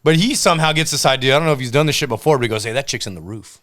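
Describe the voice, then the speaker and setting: A man, telling tattoo shop stories in casual chat, loud and profane when acting out quotes. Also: medium pitch, a little hiss or hum. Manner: fast, profane storyteller with loud acted-out quotes. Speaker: tattoo artist.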